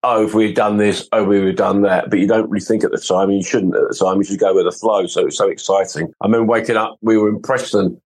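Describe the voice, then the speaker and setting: Older man, husky low voice. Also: fast talker, few pauses, low-quality recording. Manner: relaxed, self-deprecating anecdotes with laughs. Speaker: guest musician and songwriter. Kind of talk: casual storytelling interview.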